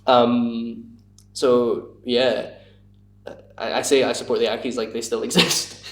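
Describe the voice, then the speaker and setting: A young Scottish man talks at an ordinary pitch in a loose, rambling way, padding his sentences with "like" and poking fun at himself. He sounds a bit far from the mic, and the room rings with echo. It is casual podcast chat. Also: level tone, takes it slowly. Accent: Scottish, Glasgow area. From Scotland. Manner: rambling, lots of "like", self-mocking. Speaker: podcast guest, bar worker.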